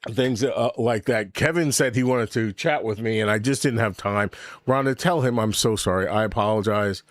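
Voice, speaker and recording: A man's voice: lowish voice, moderate pace, no echo, clean studio sound. A middle-aged man hosting his own podcast in a casual livestream chat, rambling candidly, swearing freely and answering his live chat as he goes. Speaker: podcast host. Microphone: desk mic with camera.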